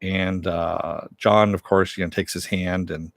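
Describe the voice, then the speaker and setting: A man's voice: low-pitched, steady tone, measured pace, vocal fry, dry recording, clean studio sound. A man casually recapping a TV episode, rambling with many fillers and self-corrections. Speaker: TV show reviewer.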